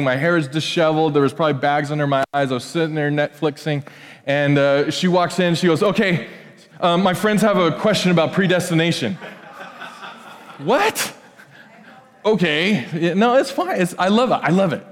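In a church sanctuary, a male pastor with a fairly high voice preaches at a brisk clip. His sermon is casual and joking, conversational and animated, full of restarts and asides. The church hall adds a long reverb.

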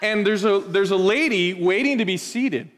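Man, thirties, pastor, sermon, animated storytelling, slightly high voice, long hall reverb. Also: moderate pace. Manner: animated storytelling with playful asides.

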